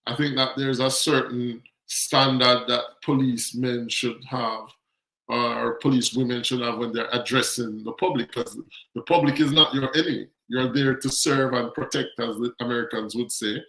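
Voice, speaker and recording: A Jamaican man hosts a casual talk show, delivering a chatty commentary monologue about life back home and acting out the people in his stories. His voice is mid-range, steady, pushed and bright at a moderate pace, with a roomy echo.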